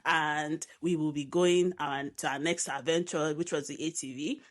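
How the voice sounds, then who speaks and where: A woman's voice: deep voice, steady tone, moderate pace. A woman in her twenties, co-hosting a podcast, talking candidly and with emphasis in casual chat. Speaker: podcast co-host.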